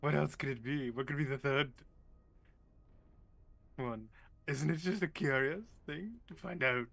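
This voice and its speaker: A man with a gravelly voice joins in a tabletop game. He makes wry comments and asks pointed questions. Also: mid-range voice, unhurried, fairly bright tone, dry recording. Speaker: player. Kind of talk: casual tabletop play.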